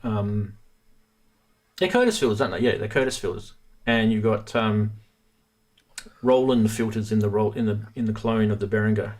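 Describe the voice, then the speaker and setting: A man hosting a casual livestream from a home studio, chatty and laughing often. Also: lowish voice. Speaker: livestream host.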